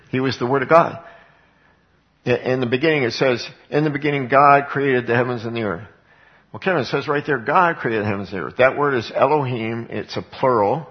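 A street evangelist and Bible teacher teaches in an informal, emphatic way, posing rhetorical questions and answering them himself. His voice is mid-range, and the highs are cut off.

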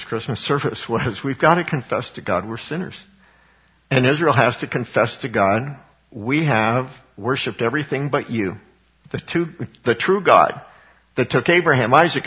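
A man's voice: mid-range voice, slightly rough, muffled recording. A man preaching a sermon as pastor, reading scripture aloud and building up emphasis on key words.

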